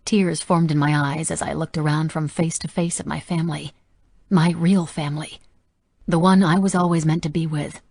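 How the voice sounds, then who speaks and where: A woman narrating a romance audiobook softly and intimately. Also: low-pitched, steady tone, normal speed, husky, no room sound. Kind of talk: scripted narration.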